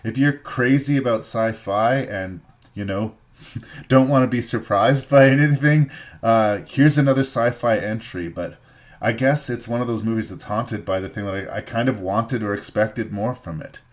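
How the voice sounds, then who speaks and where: A Canadian man hosting a podcast gives a thoughtful, measured film review in casual conversation, repeating phrases for emphasis. His voice is medium-pitched.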